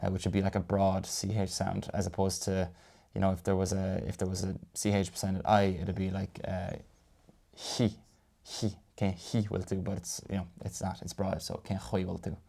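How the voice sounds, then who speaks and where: Irish man with a low gravelly voice. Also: completely flat delivery, dark tone. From Ireland. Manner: explains phrases slowly, with fillers and restarts. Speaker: Irish language teacher. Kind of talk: casual language lesson.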